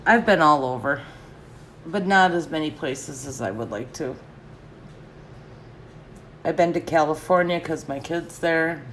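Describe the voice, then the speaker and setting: A woman's voice: low voice, a little slow, long pauses, a little hiss or hum. A middle-aged woman chatting casually and answering live comments, laughing often.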